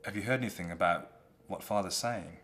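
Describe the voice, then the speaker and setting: A sly young nobleman who plots behind a show of concern, voiced by a man. Smooth and low, the scheming villain of a storybook play. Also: brisk, a bit bright, a little hiss or hum.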